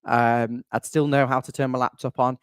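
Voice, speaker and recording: Chatty fan-show host, dry sound. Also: male voice, medium pitch, flat delivery, moderate pace, clean tone, no room sound. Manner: chatty, wry, rambling asides. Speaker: channel admin and host. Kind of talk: casual fan podcast chat.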